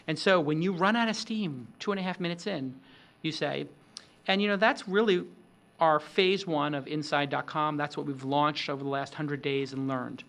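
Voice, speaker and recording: A middle-aged man hosting a talk on product demos, animated and acting out example pitches with shifting tone. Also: gravelly. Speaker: host. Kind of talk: instructional talk on startup demos.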